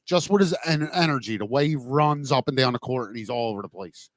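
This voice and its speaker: A man's voice: medium pitch, lively intonation, fairly quick, no echo, studio quality. A man co-hosting a casual sports podcast, talking in emphatic, profane banter. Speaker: podcast co-host. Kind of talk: casual bar-style sports chat.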